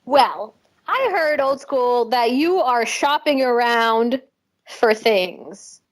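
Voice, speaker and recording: Fast-talking young woman in casual chat. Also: fairly high pitch, animated. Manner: swears freely, laughs often, rambling and quick. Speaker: podcast co-host.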